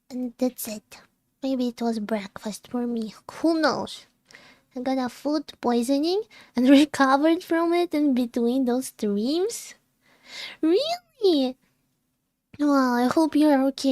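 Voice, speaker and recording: A woman's voice: high voice, a little mellow, no echo. A woman streaming a game and chatting casually, giggling often as she greets viewers one by one. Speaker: VTuber streamer. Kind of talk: casual livestream chat.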